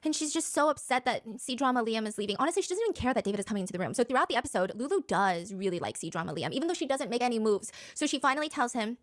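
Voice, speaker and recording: A woman races through a comedic recap of a dating show in a fairly high, bright-edged voice, cracking sassy jokes as she goes. The sound is close and dry, with hardly any room around her. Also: racing, few pauses, dry recording. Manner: sassy, animated storytelling with jokes. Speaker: reaction show host.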